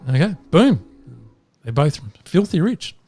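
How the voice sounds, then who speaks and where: A podcast co-host telling dad jokes in a lively, fairly high voice. His delivery bounces up and down as he spins the story. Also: a little slow, soft background music. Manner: animated storytelling.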